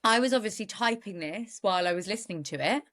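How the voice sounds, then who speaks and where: A woman's voice: medium pitch, animated, quick pace, a bit bright. Indignant woman telling a true crime story. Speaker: podcast co-host. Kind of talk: true crime podcast chat.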